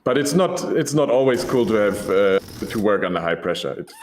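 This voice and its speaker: A man's voice: lowish voice, animated, brisk, darkish tone, a little hiss or hum. A man giving a casual, enthusiastic conference presentation, laid-back and full of ums.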